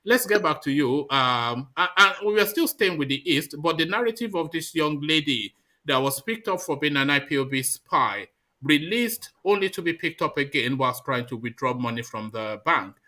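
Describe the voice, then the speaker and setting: A man's voice: on the high side, animated, normal speed, sharp tone. A man hosting a live talk discussion, teasing callers and talking over them with stammered repeats. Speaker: host.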